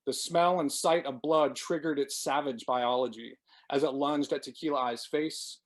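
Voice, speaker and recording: A man, the author, reading his novel aloud in a steady, measured way. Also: medium pitch. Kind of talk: dramatic book reading.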